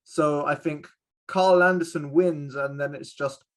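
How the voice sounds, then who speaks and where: A man's voice: a little high, fairly even intonation, measured pace. Easygoing male podcast co-host. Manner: easygoing, chatty, laughs along. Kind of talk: casual podcast chat.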